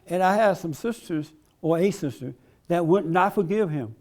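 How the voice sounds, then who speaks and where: A man's voice: sits high, moderate pace, darkish tone. A man giving a blunt, emphatic preaching-style talk at a conference, laughing along with his audience. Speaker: conference speaker.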